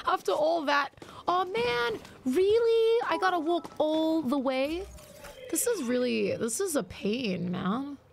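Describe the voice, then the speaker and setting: A woman live-streaming her gameplay chats excitably in a high voice, reading viewer messages aloud. She speaks unhurriedly with some vocal fry, and there's slight background noise.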